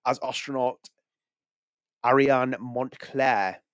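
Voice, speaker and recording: A man's voice: medium pitch, steady tone, slow pace, fairly bright tone, smooth, no echo, clean studio sound. A man hosting a podcast, talking casually, correcting himself and reading press text aloud. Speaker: podcast host.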